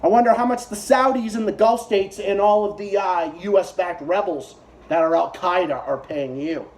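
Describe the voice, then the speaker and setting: A man's voice: high-pitched, normal speed, darkish tone. A man giving a heated, profane reaction rant to video clips, talking as a YouTube commentator.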